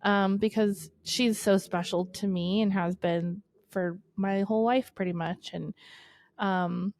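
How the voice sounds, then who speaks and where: A woman's voice: medium pitch, steady tone, unhurried, darkish tone, slight background noise. A woman in her thirties co-hosting a podcast, telling a story in casual chat, swearing freely and laughing often. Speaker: podcast co-host.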